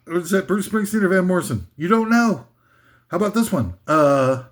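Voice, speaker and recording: A man's voice: high voice, animated, brisk. Scornful rambling man ranting. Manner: scornful, rambling, sarcastic, with mock singing bits. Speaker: comedic ranter. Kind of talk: comedic rant.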